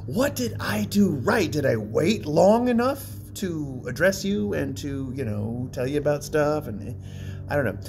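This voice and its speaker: A man's voice: on the high side, sing-song, unhurried, vocal fry, darkish tone, faint music behind. A man rambling in a casual vlog, chatty and self-mocking, often breaking into laughter. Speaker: vlogger. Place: outdoors by a bridge.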